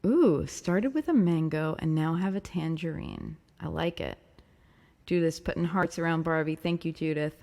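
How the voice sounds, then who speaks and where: A woman's voice: sits low, moderate pace, creaky, a little mellow, in a large hall. A woman from Long Island with a light Long Island accent, a singer-songwriter hosting a livestream, chatting casually with viewers, upbeat and laughing often between ums. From Long Island, New York. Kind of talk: casual livestream chat reading comments.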